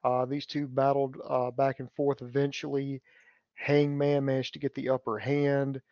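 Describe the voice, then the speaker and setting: A man co-hosting a wrestling show, giving a steady play-by-play recap of a match with frequent filler words. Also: mid-range voice, moderate pace, dry recording, lo-fi sound. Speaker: co-host.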